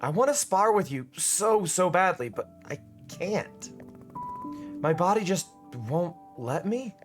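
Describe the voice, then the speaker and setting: A man's voice: sits high, lively intonation, slow pace, soft background music. A man voicing a weakened warrior who talks in a tired, dejected way. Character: weary warrior, frustrated and weakened.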